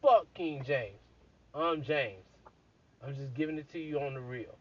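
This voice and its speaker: A man casually retelling a story in a blunt, crude, animated way, full of profanity. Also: mid-range voice, measured pace. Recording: dull lo-fi recording.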